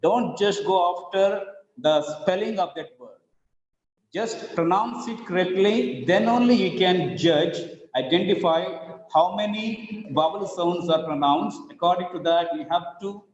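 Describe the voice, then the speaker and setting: A man teaching over slides, explaining slowly and repeating his examples. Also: high-pitched, lively intonation. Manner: slow, repetitive explaining with spelled-out examples. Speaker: English teacher. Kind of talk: recorded lecture over slides. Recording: echoey, dull lo-fi room recording.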